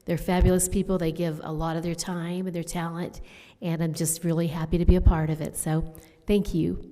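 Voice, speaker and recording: Woman, lowish monotone voice, light-hearted candidate remarks, hall echo. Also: fairly quick. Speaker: candidate for vice president. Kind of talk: short campaign speech. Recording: reverberant hall.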